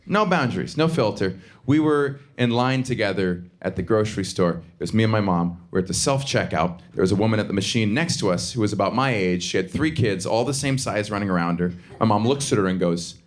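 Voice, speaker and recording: A man from the Southern US performing a stand-up comedy set on a theater stage, with a sardonic, punchy delivery and sudden high-pitched outbursts. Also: brisk. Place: theater stage before a live audience. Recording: live stage recording with audience noise.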